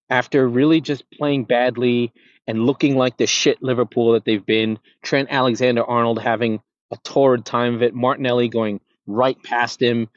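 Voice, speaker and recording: A man hosting a football podcast, holding forth alone with passion and plenty of restarts as he goes. His voice sits at an ordinary middle pitch. The sound is dry and a bit dull, like a modest lo-fi recording. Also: darkish tone, no echo. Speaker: podcast host. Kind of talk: solo football analysis monologue. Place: outdoors on a golf course.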